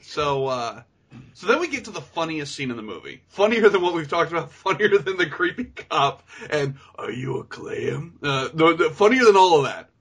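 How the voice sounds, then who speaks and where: A man's voice: a little high, very animated, normal speed, fairly bright tone, breathy edge. A man co-hosting a podcast who animatedly recaps a film, laughing often and acting out the characters. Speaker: podcast co-host. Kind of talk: casual movie recap chat.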